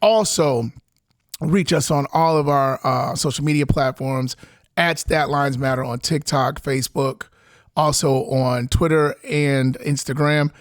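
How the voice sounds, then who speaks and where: A man co-hosting a podcast, chatting about sports in an animated way, often laughing and talking over his partner. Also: medium pitch, measured pace, dry recording, studio quality. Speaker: podcast co-host. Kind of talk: casual sports chat.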